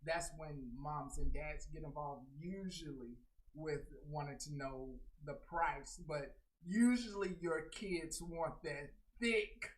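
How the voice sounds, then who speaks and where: A man introducing a video with slow, offhand talk. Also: on the high side, recorded from a distance, low-quality recording.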